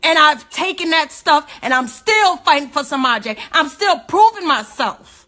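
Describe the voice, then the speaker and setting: Woman, high voice, emotional, indignant, livestream rant. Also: animated, measured pace, sharp tone. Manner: emotional, indignant, rhetorical questions. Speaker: activist speaking on a livestream.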